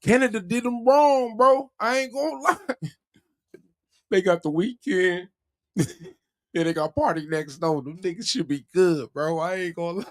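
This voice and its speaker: A man's voice: high-pitched, normal speed, long pauses. A man hosting a casual livestream, talking in loose slang, swearing freely and laughing often. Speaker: livestream host.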